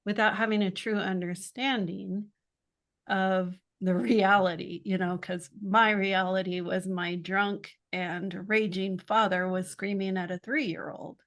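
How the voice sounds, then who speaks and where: A woman in her sixties, a children's author guesting on a podcast, talking in a reflective, warm way with light laughs between thoughts. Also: medium pitch, steady tone, a little slow. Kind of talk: conversational interview.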